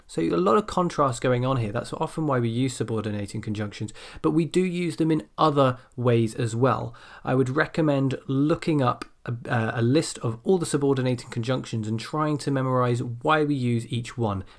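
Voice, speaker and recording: Male teacher, mid-pitched, explanatory lecture delivery, demonstrates intonation on examples. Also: moderate pace, vocal fry, hardly any pauses. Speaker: English exam teacher. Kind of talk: recorded video lecture.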